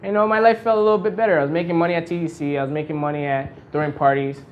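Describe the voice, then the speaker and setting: A man in his thirties giving a motivational storytelling speech at a launch party, animated and laughing often. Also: a little high, rapid-fire, muffled recording, a little hiss or hum. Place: event venue with an audience.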